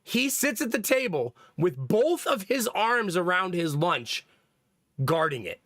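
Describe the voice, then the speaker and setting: A man's voice: high voice, very animated, a little slow, a bit bright, no echo, studio quality. A young man hosting a livestream, chatting casually to his viewers, rambling from topic to topic and laughing often. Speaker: livestream host. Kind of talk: casual stream chat.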